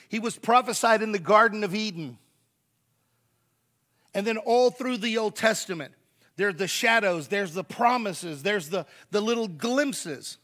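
A man's voice: high voice, measured pace, a bit bright. A man preaching a sermon, emphatic, repeating key words and speaking straight to the congregation. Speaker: pastor.

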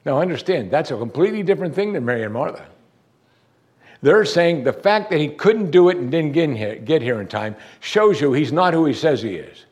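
A man preaching a sermon, reading a passage and explaining it to his congregation. He asks rhetorical questions and drops low and quiet to stress key moments. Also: lively intonation, a little fast. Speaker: pastor.

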